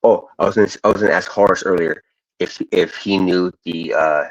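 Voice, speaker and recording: An American man chatting casually on a stream, talking haltingly and keeps losing his train of thought. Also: deep voice, steady tone, no echo. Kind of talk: casual chat. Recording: dull, dry lo-fi mic.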